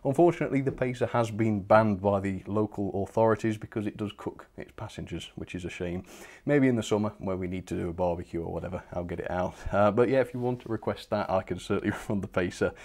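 This man hosts a live stream, talking at a quick pace in a lowish, slightly mellow voice. His casual chat is upbeat and relaxed, broken up by frequent light laughs, as though he's enjoying a hobby alongside his audience.

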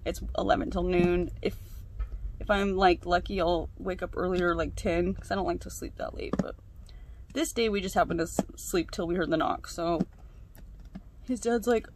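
A woman's voice: lowish voice, fairly even intonation, moderate pace, a little hiss or hum. A young woman chatting casually while she crafts, venting and swearing freely. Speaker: craft vlogger.

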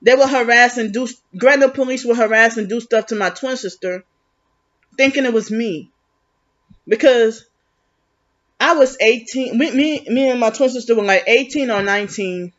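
A woman talks straight to the camera in a rambling, accusatory monologue, stumbling over restarts as she goes. Her voice sits high, and the recording is muffled and lo-fi. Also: normal speed. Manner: agitated, accusatory, with many restarts. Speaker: vlogger.

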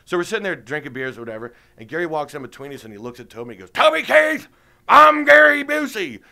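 A man's voice: medium pitch, expressive, rapid-fire, fairly bright tone. A man being interviewed as a stand-up comedian, telling rambling jokey stories in casual chat. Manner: joking, rambling storyteller.

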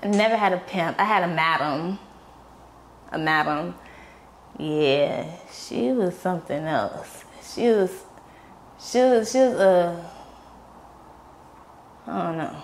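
A young woman speaks with a slightly low voice, blunt and full of swearing as she recounts her past. She acts out the people in her story as she goes. A faint hum of ambient noise sits under the recording. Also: takes it slowly, long pauses. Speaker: interview guest. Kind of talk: candid storytelling.

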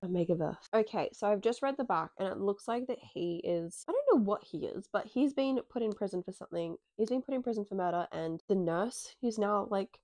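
Australian woman vlogger, nasal from a cold, warm tone, excitable and casual. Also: mid-range voice, fairly quick, few pauses, no echo. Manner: chatty, excitable, swears casually. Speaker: book vlogger. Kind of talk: casual chat to camera. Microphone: dedicated microphone close up.

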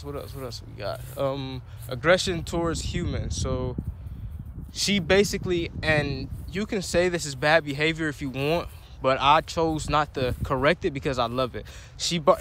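A man's voice: medium pitch, background noise. A man talking casually on a dog walk, rambling with lots of fillers and breaking off to give his dog commands. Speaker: dog owner vlogger. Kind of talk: casual vlog chat.

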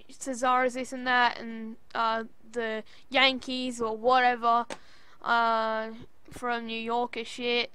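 A woman with an Australian accent giving a casual, rambling recap of a wrestling show, given to cursing and sudden loud outbursts. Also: fairly high pitch, clean tone.

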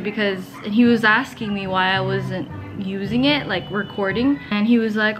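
Young female vlogger, chatty and relaxed, fond of "like", backing music behind her. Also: a little high, brisk. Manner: chatty, says "like" a lot, retells stories with quoted voices. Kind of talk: casual vlog chat.

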